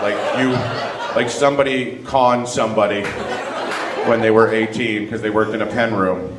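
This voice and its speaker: A Canadian man does stand-up and crowd work on a comedy club stage, his voice on the low side and his pace moderate. He's animated, shifting into loud put-on voices and rants, while the off-mic live recording sounds roomy with audible noise.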